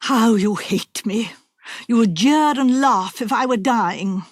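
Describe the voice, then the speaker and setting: A woman's voice: a little high, slow pace, no room sound. A woman reader voicing a fretful, self-pitying invalid wife in a storybook reading, plaintive and dramatic. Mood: aggrieved.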